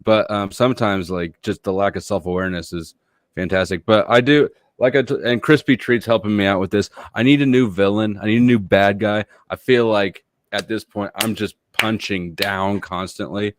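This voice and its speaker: A man with a fairly low voice talks on a live panel in a wry, teasing way. He is blunt in his opinions. The sound is dry and close. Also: moderate pace, dry recording. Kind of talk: casual chat.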